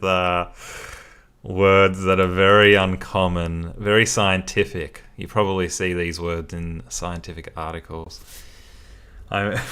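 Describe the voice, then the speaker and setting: A man's voice: lowish voice, a bit bright. A man hosting a casual livestream, chatty, thinking aloud and laughing often as he plays word games. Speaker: streamer and host.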